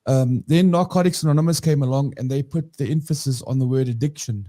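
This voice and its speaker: A man's voice: medium pitch, fairly quick, mellow. A man co-hosting a recovery podcast, talking in a rambling, self-correcting conversational way. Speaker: podcast co-host. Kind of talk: casual recovery discussion.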